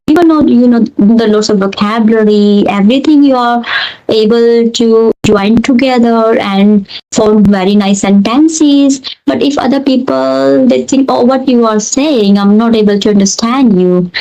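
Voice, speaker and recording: A woman's voice: fairly high pitch, normal speed, mellow, rough recording. A woman with an Indian accent, an English teacher, talking earnestly in a casual conversation and explaining with repeated examples.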